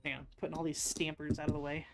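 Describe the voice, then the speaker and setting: A woman's voice: deep voice, level tone, quick pace, vocal fry, soft background music. A woman chatting casually on a live stream while doing nail art, laughing often and teasing herself.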